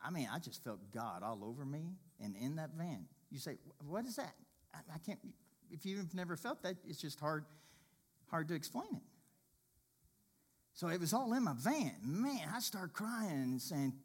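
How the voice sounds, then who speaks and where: A man telling a personal faith testimony in a sermon, shifting between quiet murmurs and loud, excited exclaiming. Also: normal speed. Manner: animated storyteller, swings from low murmurs to loud exclaiming.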